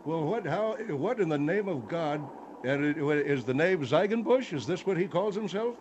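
A man voicing a slow, befuddled male guest who stammers in confusion. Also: on the high side, animated, background noise, pitched above the performer's own voice, lightly acted.

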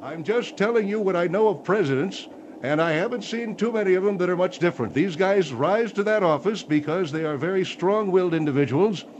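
A man playing a gruff, condescending retired general in a comedy radio bit, stammering and bossy. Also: high-pitched, animated, fairly quick, darkish tone, muffled recording, a little hiss or hum. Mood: boastful.

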